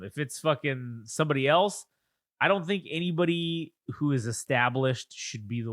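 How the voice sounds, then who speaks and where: A man's voice: mid-range voice, fairly bright tone, dry recording, studio quality. A man co-hosting a casual wrestling podcast, rambling with lots of swearing and restarts. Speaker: podcast co-host. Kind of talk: casual chat about wrestling.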